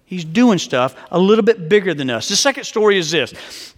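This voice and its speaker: Middle-aged male pastor, high-pitched, emphatic storyteller, sermon in a reverberant hall. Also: animated, moderate pace. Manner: conversational, joking, emphatic storyteller. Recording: long reverb of a large hall.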